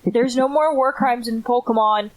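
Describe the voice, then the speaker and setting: Young female podcast co-host, fairly high voice, exasperated protests, trailing off softly. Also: moderate pace, no echo, low-quality recording. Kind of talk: casual chat with friends on a call.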